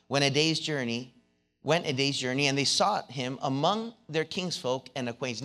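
A man preaching a sermon, telling a childhood story and then building into loud, rising exhortation with many repeated words and restarts. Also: normal speed. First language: not English. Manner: restarts and repeated words, grows louder and higher when preaching.

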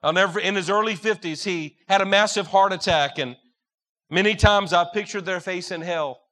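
Earnest high-voiced male preacher. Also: moderate pace, a bit bright. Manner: earnest, direct, tells personal stories. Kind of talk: sermon.

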